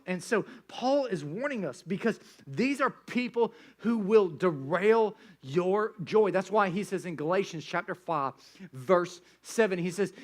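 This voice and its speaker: A male pastor delivering a sermon in a loose, joking storytelling way, often restarting his sentences. His voice sits high and sounds bright.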